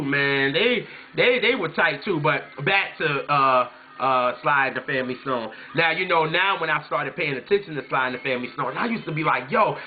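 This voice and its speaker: Man, fairly high voice, chatty storyteller, lo-fi phone-like audio. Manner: chatty, storytelling, often mimics his mom and sings snatches. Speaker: music vlogger. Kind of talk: casual chat. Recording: tinny phone-like sound.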